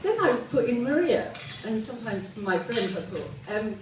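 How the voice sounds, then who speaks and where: A woman's voice: a little high, expressive, brisk, roomy sound, recorded from a distance, slight background noise, low-quality recording. Posh-sounding woman doing stand-up. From England. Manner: self-mocking, punchline-driven storytelling. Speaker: stand-up comedian. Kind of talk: stand-up comedy set. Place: live comedy venue with audience.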